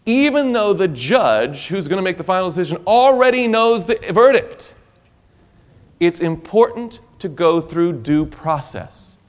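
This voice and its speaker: Animated male preacher telling a story. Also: on the high side. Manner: animated, conversational storytelling with frequent restarts. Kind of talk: sermon with storytelling.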